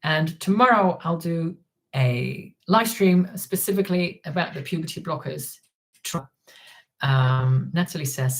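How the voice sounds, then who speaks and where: A woman's voice: deep voice, a little slow. A woman hosting a casual livestream, rambling with plenty of ums and restarts as she reads out chat comments. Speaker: livestream host.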